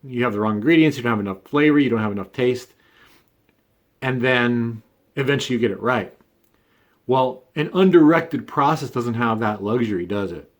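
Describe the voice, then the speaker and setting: A man's voice: mid-range voice, expressive, moderate pace. A man hosting his own video, talking through an argument in a casual unscripted monologue full of fillers and asides. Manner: conversational, many fillers and "right?" tags. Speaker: video essay host.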